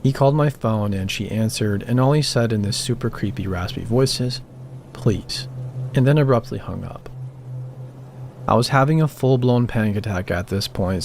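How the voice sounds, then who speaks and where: A man calmly reading first-person horror stories as a scripted narration, with music behind him. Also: lowish voice, fairly quick, creaky, a little hiss or hum. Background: background music.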